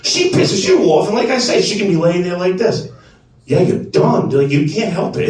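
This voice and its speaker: A man in his forties doing a stand-up set, animated and profane, bursting into loud shouts. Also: high-pitched, moderate pace. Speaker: stand-up comedian. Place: comedy club stage. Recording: echoey club room picked up from a distance.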